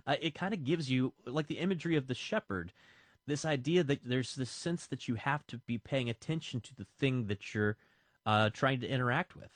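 A man's voice: mid-range voice, normal speed, dry recording. A man hosting a radio talk show with a mid-range voice. He speaks casually and halts a lot, using many fillers. The sound is dry and close. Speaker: radio host. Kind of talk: conversational interview.

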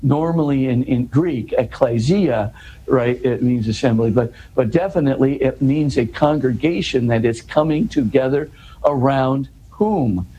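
An earnest man explains scripture in an interview, his voice warm and mellow at an ordinary pitch. He loops back over words, checks in with "you know" and "right?", and lifts into emphatic questions. A faint background hum sits under his voice. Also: a little slow, dull audio. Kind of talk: explanatory conversation.

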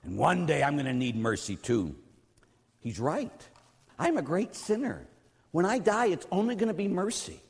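A priest and radio host preaching bluntly and telling stories, acting out the voices of the people in them. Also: male voice, a little high, moderate pace, gravelly, long reverb tail. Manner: blunt, animated, acts out callers' voices. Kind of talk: lively sermon with storytelling.

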